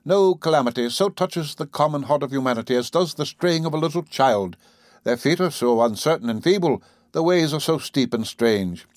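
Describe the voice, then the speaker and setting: A man reading a story aloud as an audiobook narrator, in a measured, wry way. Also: a little high, expressive, no echo, studio quality. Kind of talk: scripted narration.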